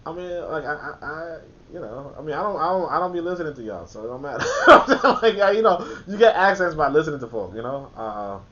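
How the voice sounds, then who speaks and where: Rambling man, bright voice. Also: big pitch swings, fairly quick, hardly any pauses. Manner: rambling, laughs often, many fillers and restarts. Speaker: host of a book discussion. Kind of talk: casual discussion. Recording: muffled, faint background rumble.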